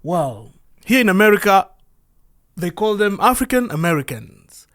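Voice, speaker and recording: A man from the Democratic Republic of the Congo speaks with a Congolese accent, hosting his podcast as a loose solo monologue. His voice sits high for a man, and he rambles earnestly, often stopping to ask himself questions. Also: big pitch swings, normal speed, fairly bright tone. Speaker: podcast host. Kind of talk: casual monologue.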